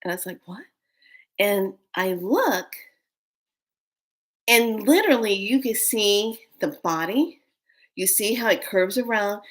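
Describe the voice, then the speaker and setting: A woman chatting excitedly as she gives a spiritual card reading, often repeating words for emphasis. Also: medium pitch. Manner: animated and excitable, breaking into whispers and laughs.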